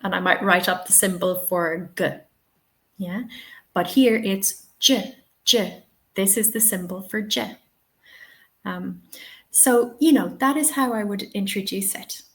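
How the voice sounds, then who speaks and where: A woman's voice: medium pitch, normal speed, low-quality recording. Woman, Irish accent, young adult, webinar trainer, chatty, upbeat. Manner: chatty, upbeat, answers chat questions. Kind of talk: live webinar Q&A.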